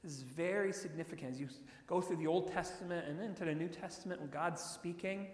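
Man preaching in an echoey hall. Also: on the high side. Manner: expressive preaching, reads scripture slowly with emphasis. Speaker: pastor. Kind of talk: sermon.

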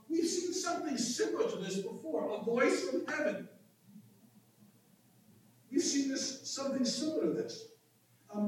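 A male pastor preaches in an animated, explanatory way, often restarting his phrases. His voice sits high for a man. It comes from a distant mic in a strongly echoing room with faint ambient noise. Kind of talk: sermon.

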